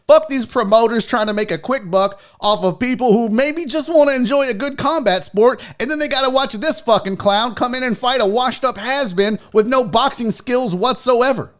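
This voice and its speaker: A man's voice: extremely high pitch, normal speed, hardly any pauses, a bit bright. A man in his forties hosting a show, delivering a heated, profane rant and mocking others in put-on voices. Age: 40s. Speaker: show host. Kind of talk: livestream rant.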